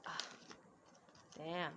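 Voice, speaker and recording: A woman, unboxing gifts in a casual vlog, excitable and exclaiming, recorded on a phone. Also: extremely slow. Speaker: vlogger. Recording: phone recording with clear background noise.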